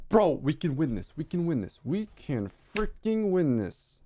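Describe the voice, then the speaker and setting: A young man streaming live gameplay commentary, excitable, swinging from low mutters to shouts. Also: measured pace, few pauses, no echo.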